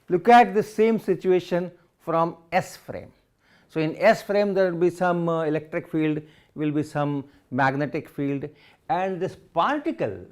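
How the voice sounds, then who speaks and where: A man's voice: on the high side, darkish tone. A man giving a physics lecture, working through equations step by step and repeating phrases as he writes. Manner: repeats phrases while writing, methodical.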